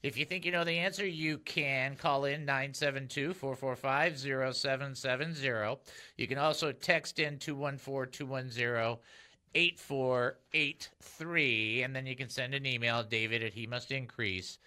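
A man's voice: mid-range voice, moderate pace. A man hosting a casual Christian radio show in a studio, joking and laughing often with his co-host and callers. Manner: jokey, laughs often, animated.

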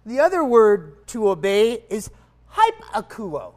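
Preacher, animated sermon, swooping expressive pitch, shifts from quiet asides to emphatic calls, asks the crowd questions. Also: takes it slowly. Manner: teaches word meanings and asks the audience questions.

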